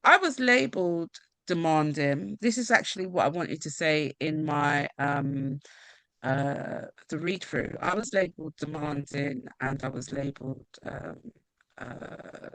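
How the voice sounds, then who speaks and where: Slow-talking woman author on a video call. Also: deep voice, a bit bright, no echo. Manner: emotional, halting, with laughs. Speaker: author at her book launch. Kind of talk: casual video call chat.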